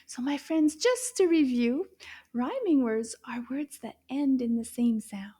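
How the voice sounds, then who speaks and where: A woman teaching children, slowly and gently and often dropping to a soft whisper. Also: sits high, lively intonation. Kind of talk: slow, clear teaching to kids.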